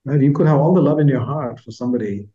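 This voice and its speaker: A man in his sixties from India, telling a heartfelt personal story in an earnest, reflective way, his voice fading softly at the ends of phrases. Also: medium pitch, fast, highs cut off. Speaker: guest author.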